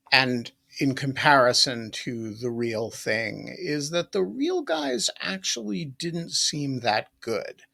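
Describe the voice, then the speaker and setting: A male host speaks very slowly, in a gravelly voice with plenty of fry. He works through his thoughts haltingly, with long ums. His pitch sits in the middle of the range. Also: sharp tone. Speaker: podcast host. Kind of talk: casual conversational interview.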